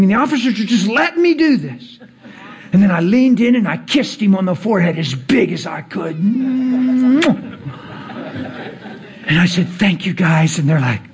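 A man preaching, telling a personal story with acted-out dialogue and emphatic rising passages. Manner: animated, acts out dialogue, rises to emphatic highs. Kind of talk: sermon storytelling.

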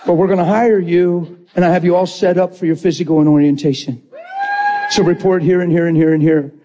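A man preaching a lively testimony, acting out the voices in his story and laughing often. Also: on the high side, brisk, muffled recording. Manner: animated, acts out quotes, laughs often. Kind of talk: sermon storytelling.

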